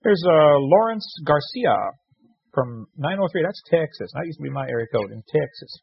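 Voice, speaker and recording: A man's voice: fairly high pitch, lively intonation, normal speed, creaky, slightly rough, dry recording, muffled recording. A man hosting a casual radio show, chatty and jokey, reading listener letters aloud and correcting himself as he goes.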